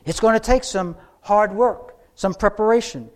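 A man preaching a sermon, telling a story with slow, dramatic pauses. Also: high-pitched.

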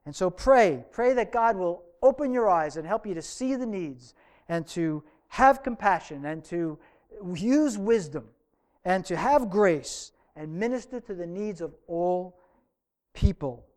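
A man's voice: sits high, expressive, a little slow, a little mellow. A man preaching a sermon to his church, earnest, stretching out key phrases for emphasis. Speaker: pastor.

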